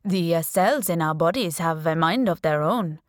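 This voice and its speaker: A woman's voice: fairly low pitch, normal speed, dry recording, clean studio sound, close to an everyday voice. A woman doing an eager Indian-accented male scientist. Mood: lecturing. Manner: animated lecturing, uh fillers. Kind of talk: audiobook character voice.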